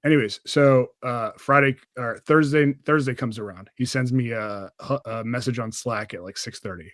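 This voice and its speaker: A man's voice: mid-range voice, moderate pace, fairly bright tone, no room sound. Rambling, profane young man. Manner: rambling and profane, full of fillers. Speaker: podcast host. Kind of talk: casual chat.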